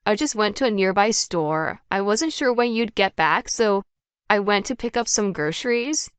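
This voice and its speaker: A woman's voice: mid-range voice, expressive, normal speed, clear, resonant tone, no echo, close to an everyday voice. A woman voicing a guilty husband caught in lies, who answers in a stammering, defensive way.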